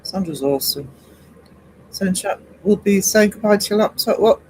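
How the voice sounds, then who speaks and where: A man's voice: high-pitched, moderate pace, a little mellow, slight background noise, poor audio. A man hosting a live stream, rambling chattily and greeting viewers in chat by name. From United Kingdom. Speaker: livestream host.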